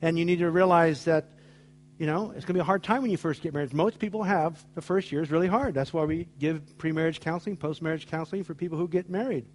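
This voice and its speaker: A man's voice: a little high, fast talker, a little hiss or hum. A middle-aged man preaching a sermon, telling stories with acted-out dialogue in an emphatic way. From United States. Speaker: pastor.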